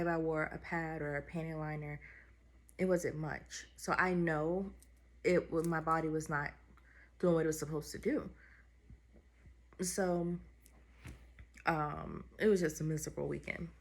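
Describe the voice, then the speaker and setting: Candid woman vlogger with a gravelly low voice. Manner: candid, heartfelt, conversational with fillers. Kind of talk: personal vlog story.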